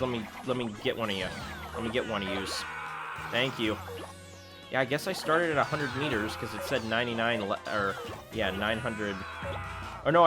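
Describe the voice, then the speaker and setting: Brief: male gaming host, casual let's-play talk, chatty and self-mocking, faint game music beneath. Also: mid-range voice. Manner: chatty, self-deprecating, thinks aloud.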